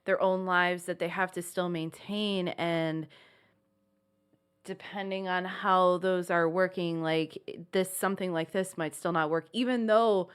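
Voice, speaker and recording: A woman's voice: lowish voice, steady tone, a little slow, clear, resonant tone. Reassuring, rambling woman podcast co-host. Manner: rambling, reassuring, many fillers like "like". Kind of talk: casual chat.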